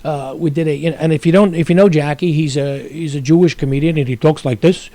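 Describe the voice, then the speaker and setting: A man's voice: on the high side, fairly even intonation, quick pace, mellow, dry recording. A man from Brooklyn appearing as a guest actor, telling rambling stories in a casual interview, with frequent restarts. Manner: rambling storyteller with many restarts.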